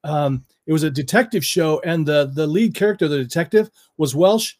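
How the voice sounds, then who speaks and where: A man's voice: fairly high pitch, moderate pace, a little mellow. A man who works as a hypnotist, talking casually as a guest, laughing often and circling back over his sentences. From United States. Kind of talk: casual chat.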